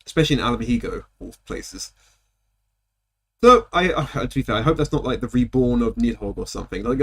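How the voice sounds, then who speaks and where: A man streaming a video game, chatting to viewers in an animated, rambling way. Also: mid-range voice, brisk, vocal fry, breathy edge. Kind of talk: casual gameplay commentary.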